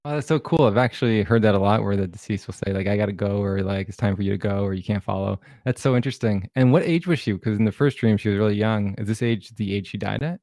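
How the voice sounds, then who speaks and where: A man's voice: on the low side, fast talker, few pauses, a little mellow, no room sound, clean studio sound. A man hosting a podcast who encourages and thanks his guest as he leads the talk. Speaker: podcast host. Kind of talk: casual interview chat.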